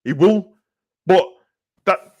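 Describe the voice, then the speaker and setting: A man with a Birmingham accent, co-hosting a casual football chat and talking in an animated, slang-heavy way. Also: sits high, slow, slightly rough, dull audio. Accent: Birmingham English. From Birmingham, England. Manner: animated, slangy, repeats "bruv". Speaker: co-host.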